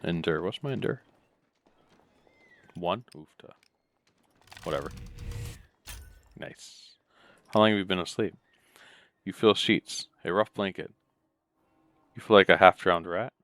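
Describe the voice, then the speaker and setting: A man's voice: low voice, a little slow, pauses often, fairly bright tone. A man playing a game, reading its text aloud in casual commentary with laid-back muttered asides, on a close desk mic. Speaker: let's play gamer.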